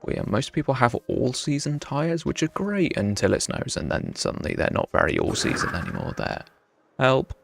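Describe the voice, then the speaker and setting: A young British man streams a game, chatting casually and poking fun at himself as he answers chat. His gravelly, medium-pitched voice swings hugely in pitch at a moderate pace, with faint music in the background.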